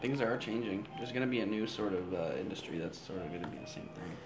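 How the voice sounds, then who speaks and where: A man's voice: on the low side, fast talker, noisy background. A man in casual chat who talks loosely, swears freely and slips into mock voices when he retells things.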